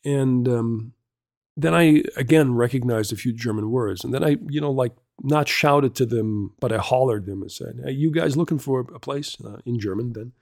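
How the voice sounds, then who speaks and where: Middle-aged guy rambling thru a story on his podcast, swears a lot, keeps restarting, mid pitch, dead dry sound. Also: normal speed, a little mellow, dry recording. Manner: rambling, profane, frequent restarts and fillers. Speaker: podcast host. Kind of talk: casual solo podcast storytelling.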